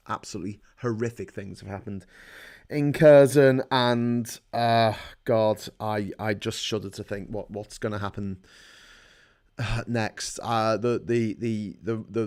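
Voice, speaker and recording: A man hosting a livestream, giving profane, heated and indignant political commentary into a desk mic. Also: on the low side. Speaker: livestream host.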